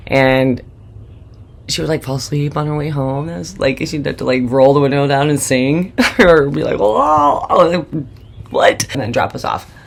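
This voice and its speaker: A woman hosting her own show, telling a candid personal story in a blunt, emotional way and swearing often. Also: extremely low pitch. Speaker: host.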